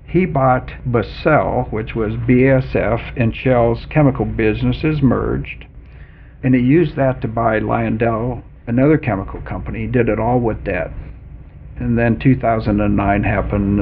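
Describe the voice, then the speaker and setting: A gravelly-voiced older man from Oklahoma recounts a business story as a lively raconteur, chuckling through it. His voice comes over a thin, phone-like radio channel with a faint hiss underneath. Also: medium pitch. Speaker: retired executive guest. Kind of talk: anecdotal storytelling in an interview.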